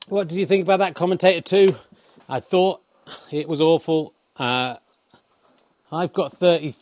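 Brief: male comic commentator, excitable and sweary, pitched a little high, mocks himself. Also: moderate pace. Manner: excitable, sweary, self-mocking. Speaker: host and commentator of a home snooker tournament.

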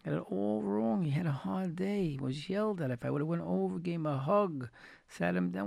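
A man's voice: high voice, moderate pace, gravelly, a little mellow, no echo. A man giving a storytelling Torah talk as a religious teacher, folksy and anecdotal, repeating key phrases for emphasis. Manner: folksy, retells anecdotes with quoted dialogue.

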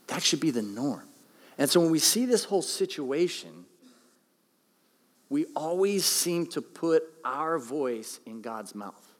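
A man's voice: on the high side, lively intonation, unhurried, long reverb tail. A man in his thirties, a pastor, preaching a conversational, self-deprecating sermon and acting out quotes.

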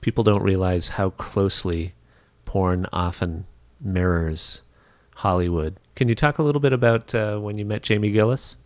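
Wry low-voiced podcast host, a man. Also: normal speed, no room sound. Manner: wry, laughs along, asks short questions. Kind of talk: conversational interview.

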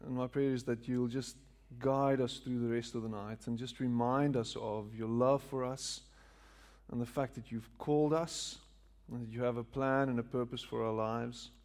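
A man's voice: mid-range voice, fairly even intonation, normal speed, darkish tone. A man, a pastor who jokes with his congregation and then leads a prayer. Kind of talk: sermon with prayer. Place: church before a live congregation.

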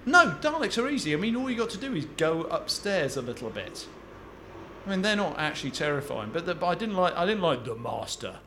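A man's voice: a little high, very animated, brisk, bright, forceful tone, slight background noise. A man co-hosting a podcast in casual chat, often hesitating and restarting his sentences. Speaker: podcast co-host.

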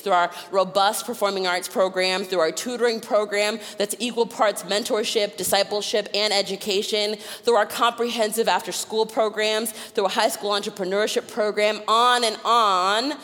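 A woman preaching a sermon, telling personal stories with animated delivery and frequent laughter. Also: medium pitch, normal speed, few pauses, in a large hall. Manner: animated, acts out voices in her stories, laughs often. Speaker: guest preacher. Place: church sanctuary.

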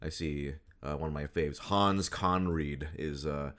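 A man's voice: extremely low pitch, unhurried, a bit bright. A man chatting casually about cartoons and voice actors, rambling with many fillers and restarts. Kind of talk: casual chat.

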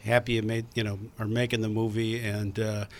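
A man's voice: fairly low pitch, flat delivery, fairly quick, slight background noise. A man hosting a casual talk show, chatty and rambling, with lots of fillers. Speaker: podcast host.

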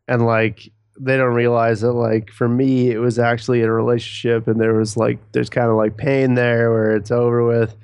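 A man's voice: mid-range voice, level tone, a little mellow, clean tone, dry recording. A man co-hosting a podcast, chatting casually, laughing often and swearing. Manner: laughing, profane, quick impressions. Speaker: podcast co-host. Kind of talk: casual chat.

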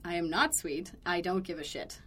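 A woman on a podcast telling a work story in casual chat, animated, acting out quoted lines and adding blunt, dry asides. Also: fairly low pitch, moderate pace, breathy edge.

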